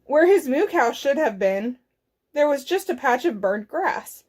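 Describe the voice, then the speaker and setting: A woman reading a picture book aloud at library storytime, expressive and carefully enunciated. Her voice sits high, and she takes the story at an unhurried pace. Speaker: children's librarian.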